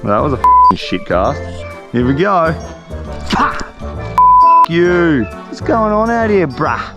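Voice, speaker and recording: Excitable man outdoors, high lively voice. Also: unhurried, highs cut off, loud music behind the voice. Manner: excitable, swears at himself, laughs often. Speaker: survival and fishing vlogger. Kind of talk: casual talk to camera outdoors. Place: outdoors on a remote island beach.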